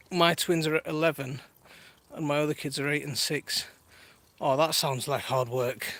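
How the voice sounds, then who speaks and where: A man's voice: on the high side, bright, forceful tone. A man in his thirties chatting casually on a live stream from his garden while minding his toddler, laughing often and reading viewer comments aloud. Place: outdoors in a garden.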